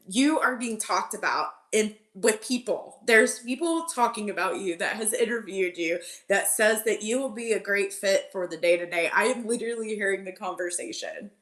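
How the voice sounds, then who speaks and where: A woman's voice: mid-range voice, moderate pace, a bit bright. Chatty woman giving a live tarot reading. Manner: chatty, fills with "like", laughs often; repeats messages insistently. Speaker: tarot reader and channeler on a live stream. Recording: roomy echo.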